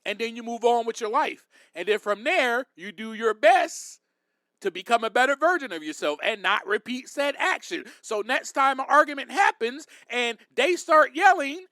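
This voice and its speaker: A man's voice: very high-pitched, lively intonation, moderate pace, sharp tone, no echo. A man hosting a podcast and giving recovery advice in a direct, emphatic, preachy way. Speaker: podcast host.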